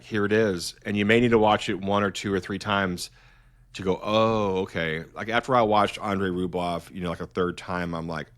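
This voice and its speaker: A middle-aged man with a fairly low voice talks as a guest in a relaxed interview. He is eager and rambling, and he often stops and restarts his sentences as he goes. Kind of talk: casual interview conversation.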